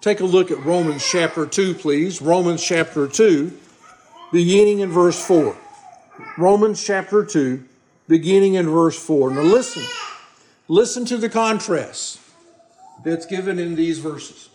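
A man's voice: sits high, measured pace, darkish tone, roomy sound, a little hiss or hum, poor audio. A man preaching a sermon, reading scripture aloud and pressing its points on his listeners in an earnest, emphatic way. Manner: earnest, emphatic, addresses the congregation directly.

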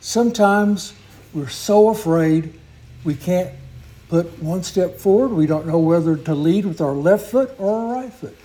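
A man preaching a sermon, telling a story in an earnest, unhurried way with small restarts. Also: sits high, dark tone, low-quality recording.

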